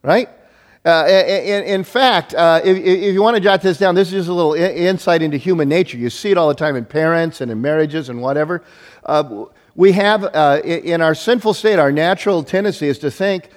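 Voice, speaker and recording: Middle-aged male pastor, slightly high-pitched, lively storytelling sermon, long hall reverb. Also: a little fast. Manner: animated, self-deprecating storytelling with many restarts.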